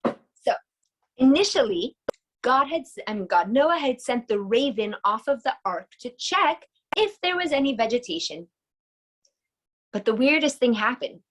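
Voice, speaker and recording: A woman's voice: on the high side, big pitch swings, measured pace, poor audio. A woman teaching a casual online lesson, enthusiastic and chatty, often asking her audience questions over a video call.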